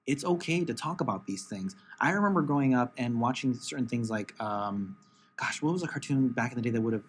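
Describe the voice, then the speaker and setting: A man co-hosting a podcast in casual chat, talking haltingly with many fillers and restarts. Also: mid-range voice, expressive, slight background noise. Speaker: podcast co-host.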